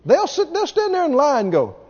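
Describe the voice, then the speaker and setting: Animated male preacher in a reverberant hall. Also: very high-pitched, a little fast. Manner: emphatic, repeats key words, mimics people with laughter. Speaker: pastor. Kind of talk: sermon. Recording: dull reverberant hall recording.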